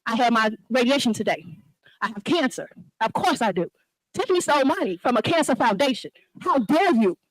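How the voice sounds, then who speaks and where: A high-pitched woman speaks at a meeting, fiery and accusatory, holding the microphone close. She sounds ill and anxious, and her voice is dry, with little room around it. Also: lively intonation, fairly quick, no echo, rough recording. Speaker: resident speaking at a public meeting. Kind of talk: impassioned public comment. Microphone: meeting hall microphone held close.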